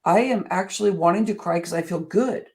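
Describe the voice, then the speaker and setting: Creaky-voiced motivational woman speaker. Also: mid-range voice, a little fast. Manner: earnest and expressive, swinging between soft and emphatic. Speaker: speaker and coach. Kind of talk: motivational talk.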